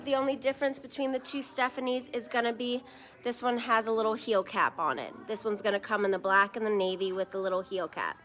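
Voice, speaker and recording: A woman's voice: a little high, pushed and bright. A woman hosting a live shoe showcase, chatty and upbeat, talking straight to viewers. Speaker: shoe store host.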